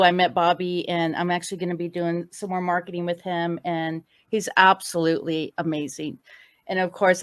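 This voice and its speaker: A web show host in her fifties, her voice a little low. She sounds emotional and wavering, pouring out thanks in casual talk. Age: 50s. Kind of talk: casual interview chat.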